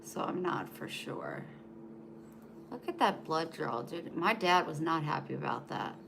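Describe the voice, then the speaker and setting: A woman's voice: deep voice, lively intonation, measured pace, vocal fry, background noise. A woman chatting casually on a live stream at home, talking to viewers and cooing to her dog in baby talk. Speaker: vlogger.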